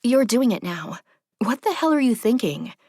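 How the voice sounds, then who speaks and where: A teasing, easily flustered young woman, as a narrator plays her in an audiobook, her voice lifting up brightly against the low narration. The sound is dry and close, with no room around it. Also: sing-song, no echo. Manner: bright, teasing, quick to react. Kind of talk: audiobook character voice.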